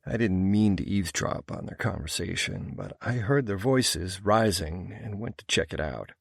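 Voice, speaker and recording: Male audiobook narrator, low voice, dry close sound, gruff, intense, first-person. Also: moderate pace, no echo.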